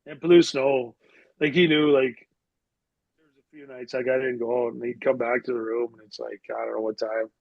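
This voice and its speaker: A man's voice: medium pitch, level tone, fairly quick, gravelly, no room sound, dull audio. Man from Canada, rambling casual storyteller, loose filler-heavy talk, dry close sound. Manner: rambling anecdotes full of "like" fillers. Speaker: podcast guest, former hockey player.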